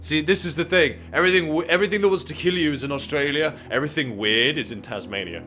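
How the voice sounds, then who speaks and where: A man's voice: on the high side, fast talker, sharp tone. A young man co-hosting a casual comedy chat. He reads animal facts aloud, riffs on them and swears often. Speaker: podcast co-host.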